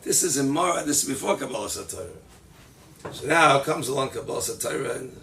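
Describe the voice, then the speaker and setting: A rabbi preaches a holiday sermon in a lively, gravelly voice that swings widely in pitch, often acting out the people he quotes. He slips Hebrew and Yiddish terms into his English. He sits well back from the mic, with faint noise in the background. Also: a little fast, far from the mic.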